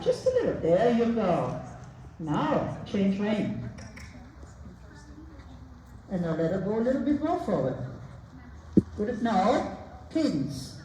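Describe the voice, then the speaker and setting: Riding instructor lady calling out commands across an arena, lively up-and-down voice, far off and echoey. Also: mid-range voice. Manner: brisk repeated commands and counting. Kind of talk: live coaching during a riding lesson. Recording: roomy, distant sound with faint ambience.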